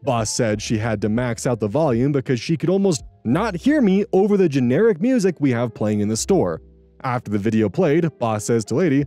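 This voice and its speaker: A man's voice: medium pitch, expressive, a little fast, dark tone, soft background music. A man hosting a channel where he reads out Reddit posts and adds earnest, reflective commentary. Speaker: host reading Reddit posts. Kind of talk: narrating and commenting on Reddit stories.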